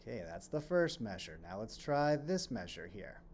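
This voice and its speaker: A man's voice: lowish voice, big pitch swings, normal speed, darkish tone, a little hiss or hum. A man teaching a children's music lesson on rhythms, explaining patiently, asking questions and then answering them, and chanting rhythm syllables as he claps.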